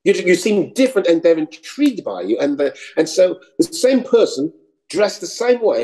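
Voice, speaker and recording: A man from New York, an actor and comedian, telling anecdotes in an animated way, switching voices and swearing casually. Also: fairly high pitch, brisk, poor audio. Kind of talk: anecdotal storytelling.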